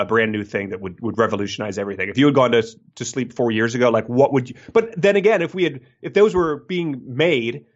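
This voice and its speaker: Man, podcast co-host, casual, rambling, jokey, laughs a lot, medium pitch, slightly muffled audio. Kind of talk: casual book-discussion podcast.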